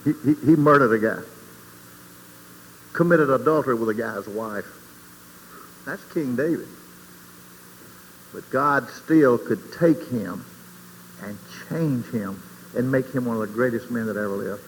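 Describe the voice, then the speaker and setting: A man giving an informal sermon in a folksy, conversational way, asking the audience questions and swinging between quiet asides and loud emphasis. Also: medium pitch, measured pace, pauses often. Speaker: speaker giving a Christian testimony. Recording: long hall reverb, faint background noise.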